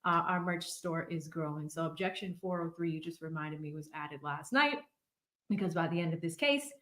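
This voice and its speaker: A woman's voice: low voice, moderate pace, fairly bright tone. A woman in her thirties with a Boston accent, hosting a casual, chatty commentary stream. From Boston area. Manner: chatty, conversational, full of fillers. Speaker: legal commentary host. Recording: roomy echo.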